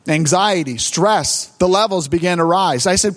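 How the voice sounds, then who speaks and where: Delivering a sermon in a strikingly high-pitched voice, a pastor recounts a personal story with halting repetitions and rising emotion. He stammers as he retells it, then turns it toward his congregation.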